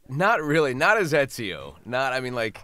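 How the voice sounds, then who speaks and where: A man's voice: medium pitch, very animated, normal speed, bright, forceful tone. A man talking as a voice actor guest in a casual interview, chatty and laughing often.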